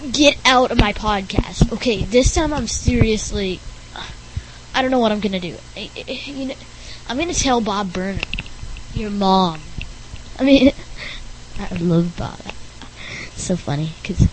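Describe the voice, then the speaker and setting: Slow-talking, teasing woman podcaster. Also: mid-range voice, slight background noise, rough recording. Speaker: podcast host. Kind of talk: playful homemade podcast.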